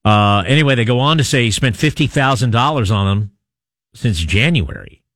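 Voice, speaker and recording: A man hosts a talk radio show, reading a news story and taking texts with wry, chatty asides and frequent "uh" fillers. His mid-range voice is animated and a bit bright at normal speed, captured dry on a studio microphone in a radio studio with studio quality.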